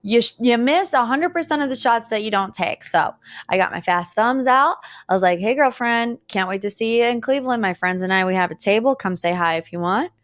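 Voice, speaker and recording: A woman's voice: fairly high pitch, a little fast, dry recording. Chatty woman telling stories, dry close mic. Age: 30s. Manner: chatty, dramatic, animated storytelling. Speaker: podcast host. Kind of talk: casual solo chat. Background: faint weed whacker outside.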